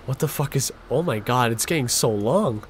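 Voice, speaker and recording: A man's voice: mid-range voice, expressive, moderate pace, slight background noise. A man streaming a horror game, reacting with jumpy outbursts and constant swearing. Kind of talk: horror game let's play commentary.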